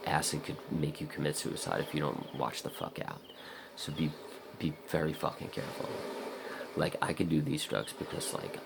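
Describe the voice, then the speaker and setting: Gravelly, very low-voiced profane man. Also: background noise. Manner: profane, blunt, talks straight to the viewer; acts out his own inner voice in a higher, louder pitch. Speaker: vlogger. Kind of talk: casual rambling vlog monologue.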